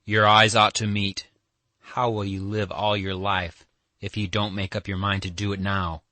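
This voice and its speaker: An earnest young man, played by a male reader in a classic audiobook, pressing his plea with merciless emphasis. The voice sits on the low side. It is recorded close and dry, with no room sound. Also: level tone, normal speed, pushed and bright, no room sound. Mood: insistent. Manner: emphatic, pleading.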